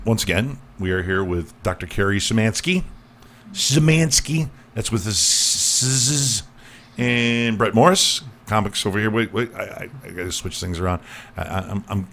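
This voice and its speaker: A man's voice: lowish voice, normal speed, fairly bright tone. A man hosting a comedy podcast, stammering and repeating words as he jokes crudely with his guests. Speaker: podcast host. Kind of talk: loose comedic podcast banter.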